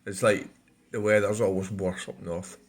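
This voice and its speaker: Low-ish scottish guy rambling thru a channel update, lots of ums, swears a bit. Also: flat delivery, moderate pace. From Scotland. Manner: meandering, moaning, swears freely, many fillers. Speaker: vlogger.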